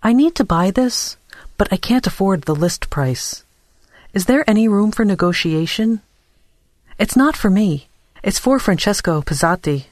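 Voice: medium pitch, lively intonation, unhurried, no room sound, pitched above the performer's own voice, lightly acted. A storyteller voicing a poor, determined Filipino woman who pleads earnestly with a shopkeeper. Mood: hopeful.

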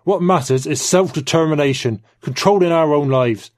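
A man's voice: on the high side, moderate pace, pitched above the performer's own voice, natural voice. A man voicing a blunt, contemptuous middle-aged man who talks curtly and dismissively. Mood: scornful. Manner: curt, dismissive, forceful.

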